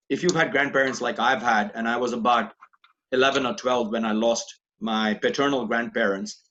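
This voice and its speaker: A man in a casual group video call, speaking in a measured way with formal wording. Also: mid-range voice, a bit bright, highs cut off. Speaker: discussion participant.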